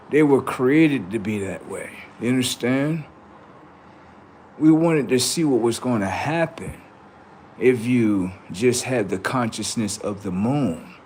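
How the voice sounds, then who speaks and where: A man's voice: mid-range voice, a little hiss or hum. Preachy rambling man on a livestream. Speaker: livestream host. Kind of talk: unscripted livestream monologue.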